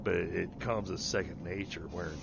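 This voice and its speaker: A man's voice: low voice, fairly even intonation, normal speed, gravelly. A man streaming a game and chatting casually, rambling with many restarts and self-deprecating asides. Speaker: streamer and project manager. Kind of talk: casual chat while gaming. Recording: dull lo-fi mic with noise.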